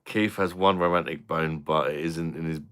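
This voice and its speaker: A man's voice: a bass voice, fairly even intonation, normal speed, fairly bright tone, smooth. Bantering man on a live stream. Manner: crude joking banter, laughs often. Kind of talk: casual live-stream chat reading viewer comments.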